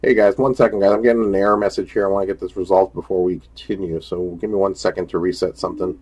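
A man's voice: deep voice, little pitch movement, fast, a little mellow, rough recording. A man hosting a live-streamed trading card break, chatty and upbeat, greeting viewers by name as he opens packs.

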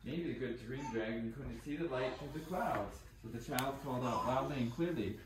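A man reading a children's bedtime storybook aloud to his toddler at home, reading gently and often breaking off to talk to the child and the dogs. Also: mid-range voice, normal speed, hardly any pauses, crowd noise. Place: living room at home. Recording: echoey room, voice far from the mic, background noise.

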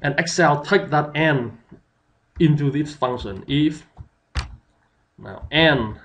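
A man's voice: a little high, slow pace, fairly bright tone, a little hiss or hum. A man giving a tutorial, explaining step by step with many fillers. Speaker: instructor. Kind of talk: screen-recorded software tutorial.

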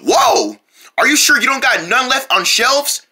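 A performer voicing an excitable young boy who squeals in surprise in a homemade comedy skit. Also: high voice, unhurried, pitched above the performer's own voice, exaggerated voice. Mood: excited. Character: excitable cookie-loving boy.

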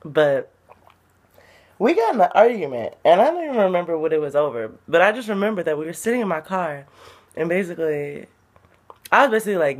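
A young woman chats and tells stories in a casual vlog, giggling often, with part of it filmed in a car on a phone camera. Her voice is fairly low, very animated, and a little fast, with frequent pauses.

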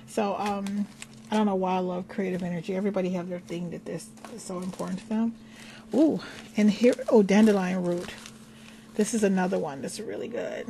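An older woman talks her way through a home craft tutorial at a mid-range pitch. She rambles cheerfully, affirms herself, and now and then drops into a soft whisper. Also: fairly even intonation, a little fast, vocal fry, a little hiss or hum. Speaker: craft and magic video host.

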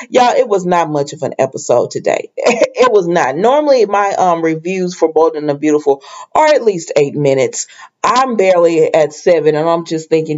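A woman's voice: fairly low pitch, sing-song, normal speed, darkish tone, lo-fi sound. A woman giving a casual, chatty recap of a soap episode, with exasperated asides to her viewers. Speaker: soap opera reviewer.

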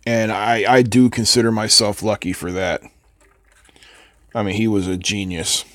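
Between soldering steps on his live electronics stream, an older host chats loosely, rambles, and answers viewers. His lowish voice has fairly even intonation, a moderate pace, and a fairly bright tone.

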